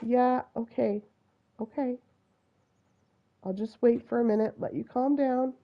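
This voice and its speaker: A woman's voice: on the high side, fairly even intonation, a little slow, highs cut off. A woman from Utah with a Utah accent, chatting through live gameplay commentary and talking to the animals on screen. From Utah, USA. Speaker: game streamer.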